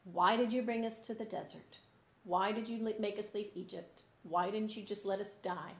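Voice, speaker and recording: A woman's voice: medium pitch, fairly even intonation, normal speed, lightly acted. A woman voicing a grumbling crowd of thirsty desert wanderers who complain in whiny questions, heard in an echoey church room.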